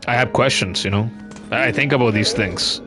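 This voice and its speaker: A man's voice: mid-range voice, moderate pace, over music. A man giving casual, chatty commentary while streaming a game, cursing now and then and reading chat comments aloud.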